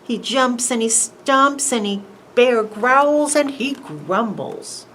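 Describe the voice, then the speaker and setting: A woman librarian reading a picture book aloud at a preschool storytime, animated and sing-song, asking the children questions. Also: fairly high pitch, takes it slowly, slight background noise, poor audio.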